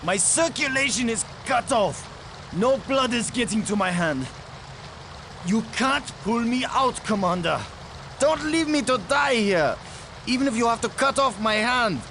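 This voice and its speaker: A man's voice: extremely high pitch, expressive, a little slow, pushed and bright, slight background noise, exaggerated voice. An actor playing an anxious male scientist with his hand trapped in rock, talking in a dramatic, pleading way.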